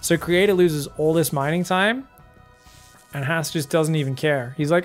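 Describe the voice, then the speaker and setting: A man casting a live strategy game match with excitable, casual play-by-play that swings between hype and relaxed chat with viewers. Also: fairly high pitch, moderate pace, faint music behind. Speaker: esports caster.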